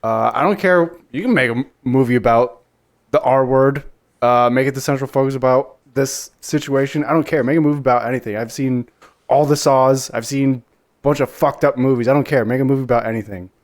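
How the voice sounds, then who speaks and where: A man's voice: medium pitch, a little fast. Podcast guy giving his blunt take, keeps repeating himself, lots of uhs, average voice. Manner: blunt, repeats points, hesitant fillers. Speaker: podcast co-host. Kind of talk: casual chat.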